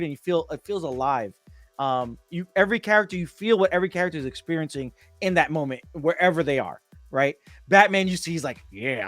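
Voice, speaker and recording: A man casually discussing a movie at home, excitedly retelling scenes and acting out the characters. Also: fairly high pitch, dry recording. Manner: excitable, acts out scenes with voices and hums. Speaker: podcast host.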